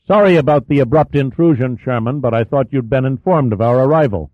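A man's voice: medium pitch, a little fast, natural voice. A composed male colony leader speaks steadily and plainly, as a man reads him aloud. The sound is thin and phone-like, with no room echo. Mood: calm. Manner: steady, matter-of-fact. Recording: dry, thin phone-like audio.

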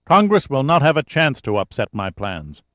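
A man's voice: mid-range voice, big pitch swings, moderate pace, dry recording. Man voicing defiant male president, blunt, commanding. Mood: furious. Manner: blunt, forceful, sometimes shouting.

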